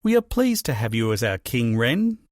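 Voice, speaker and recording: A man voicing a wise, thoughtful female owl in a storybook, speaking in a measured way. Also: medium pitch, sing-song, no room sound, studio quality, close to an everyday voice.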